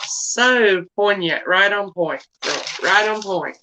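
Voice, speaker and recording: A woman's voice: mid-range voice, expressive, takes it slowly, few pauses, sharp tone, poor audio. A middle-aged woman with a drawl hosts a loose live chat. She rambles, apologizes often and sounds emotional, the way someone talks when she wears her feelings openly. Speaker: live stream host.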